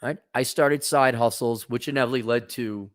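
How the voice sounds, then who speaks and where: A man's voice: mid-range voice, steady tone, moderate pace, no echo, studio quality. A man hosting a casual advice rant, blunt and sarcastic, talking in a stop-start way. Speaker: host.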